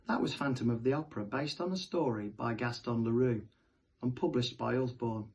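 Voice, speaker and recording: A male teacher reading a children's storybook aloud in a quiet, soft-spoken way. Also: medium pitch, moderate pace, slightly rough, rough recording.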